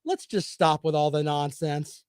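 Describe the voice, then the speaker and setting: A man's voice: a little high, measured pace, darkish tone, smooth, no echo, studio quality. A man hosting a sports talk show, delivering opinionated, sarcastic commentary in a combative, rambling way.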